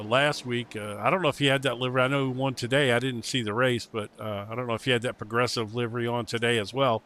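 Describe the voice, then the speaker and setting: A man's voice: mid-range voice, a bit bright, a little hiss or hum. A middle-aged man doing casual sim racing commentary, loose and rambling, laughing easily.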